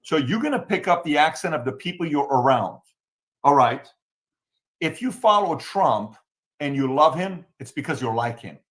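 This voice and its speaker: Speaking at a medium pitch, this show host is a man from the Middle East with a matching accent. On his laid-back political talk show, he hammers home his points by repeating them.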